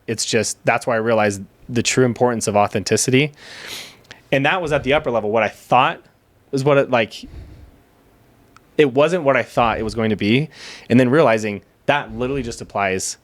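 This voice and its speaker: A candid man speaking as a podcast guest, retelling events in casual chat and voicing the people he quotes. He swears freely and keeps a mid-range pitch. The sound is dry and close. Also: a little fast, dry recording. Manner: candid storytelling, swears, acts out quoted dialogue.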